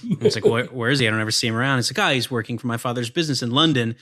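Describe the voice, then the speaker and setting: A man's voice: mid-range voice, rapid-fire, bright, forceful tone. A man from Louisiana co-hosting a casual movie podcast, talking with enthusiasm and joking around. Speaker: podcast co-host.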